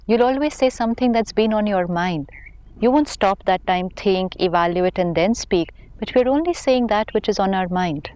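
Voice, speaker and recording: Indian woman, spiritual teacher, calm explanatory conversational delivery. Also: medium pitch, normal speed. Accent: Indian English. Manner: patient, explanatory, gently emphatic.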